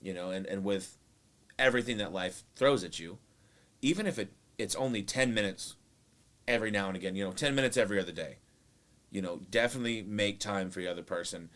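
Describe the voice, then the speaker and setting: A man's voice: fairly low pitch, fairly quick, fairly bright tone. A man co-hosting a casual couples podcast, rambling with lots of fillers and teasing his partner playfully. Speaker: podcast co-host.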